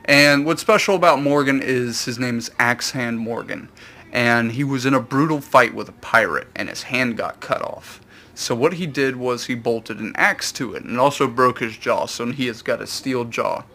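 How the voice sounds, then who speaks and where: A man casually retelling a manga chapter in a rambling, animated way, with quick put-on voices for the characters. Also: mid-range voice, vocal fry. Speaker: YouTube host.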